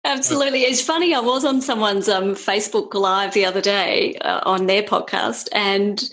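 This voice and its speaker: A woman's voice: medium pitch, normal speed, a bit bright. Australian woman, agreeable podcast guest. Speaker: podcast guest, business owner. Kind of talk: casual conversation.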